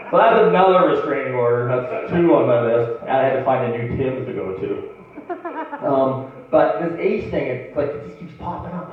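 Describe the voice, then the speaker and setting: A middle-aged man doing a stand-up comedy set on a small theatre stage, telling stories with sudden loud outbursts. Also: medium pitch, slight background noise. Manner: animated storytelling with loud outbursts. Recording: far-off phone-like audio in echoey room. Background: audience laughter.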